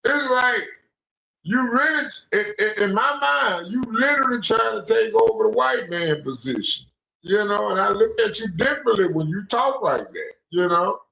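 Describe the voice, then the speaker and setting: A young man hosting a casual livestream panel, telling stories in an animated, slangy way. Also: sits high, normal speed, vocal fry. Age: young adult. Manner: animated ranting storyteller, slangy. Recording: echoey, dull lo-fi audio.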